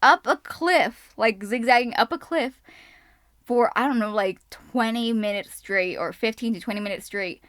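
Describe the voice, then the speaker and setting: A young woman vlogger telling a story to her camera indoors, excitable, a bit jittery, fast and messy, trying not to sound out of breath. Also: fairly high pitch, no room sound, studio quality. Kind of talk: casual storytime. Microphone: camera mic.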